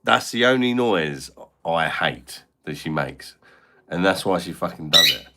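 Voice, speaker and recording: A man's voice: low voice, very animated, a little slow. A man hosting a casual live stream, bantering and swearing at his noisy pet bird while reading chat comments. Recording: loud parrot squawks behind.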